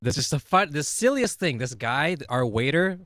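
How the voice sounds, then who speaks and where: A man's voice: on the high side, big pitch swings, moderate pace, a bit bright, no room sound, studio quality. A young man, a podcast co-host, rambling through a funny story in casual chat, laughing and swearing freely. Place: small podcast studio.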